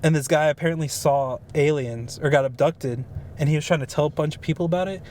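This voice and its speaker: A man's voice: on the high side, fast talker, darkish tone, slight background noise. A young man co-hosting a podcast, telling stories in a rambling, casual way with lots of fillers. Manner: rambling storyteller with many fillers. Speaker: podcast co-host. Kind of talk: casual chat.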